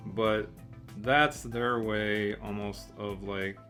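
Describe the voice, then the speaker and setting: A man from Michigan with a Michigan accent, co-hosting a casual chat, explaining and gently teasing at an easy pace. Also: on the low side, steady tone, very slow, soft background music. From Michigan, United States. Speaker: co-host.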